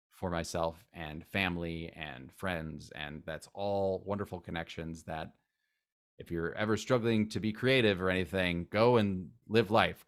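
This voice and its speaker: Speaking in a low voice, a male guest in a relaxed interview rambles eagerly. His talk is punctuated by abrupt, loud bits of acting.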